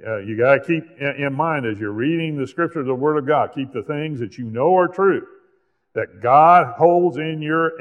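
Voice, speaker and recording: Guy preaching a sermon, emphatic, drags out scripture slow, tinny phone-ish sound, echoey church hall. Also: medium pitch. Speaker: pastor.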